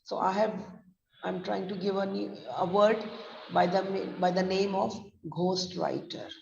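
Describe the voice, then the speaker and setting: An Indian woman trainer explains pronunciation slowly and spells words letter by letter. Her voice has a slight gravelly edge. She sounds far from the mic in a long-echoing, dull-sounding room. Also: medium pitch, little pitch movement, a little hiss or hum. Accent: Indian English. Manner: slow deliberate spelling-out, mixing Hindi. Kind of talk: online vocabulary lesson. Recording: echoey distant lo-fi room mic.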